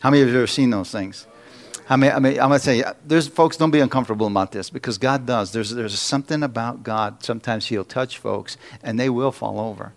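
A man's voice: medium pitch, fast. Man preaching a personal testimony. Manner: storytelling with acted-out quotes and self-deprecating jokes. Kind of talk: sermon testimony. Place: church.

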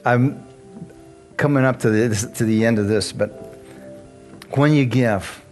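A man preaching a casual sermon, telling a personal story with frequent laughs and lively asides. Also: mid-range voice, measured pace, faint music behind. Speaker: pastor.

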